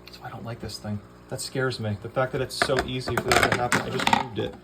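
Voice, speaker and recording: A man's voice: medium pitch, flat delivery, fast talker, heavy background noise. Rambling man chatting to his fish. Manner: rambling, talks to his fish, swears casually. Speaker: home aquarium keeper. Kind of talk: casual vlog chat.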